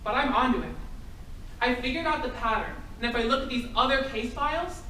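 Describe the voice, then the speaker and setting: A woman's voice: high-pitched, a little fast, slight background noise. A young actress playing an earnest, anxious girl detective on a college theater stage, pleading and spiraling into frantic apologies. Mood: determined. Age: young adult. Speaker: stage actor. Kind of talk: live stage drama. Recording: dull, echoey stage audio from far off. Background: loud music.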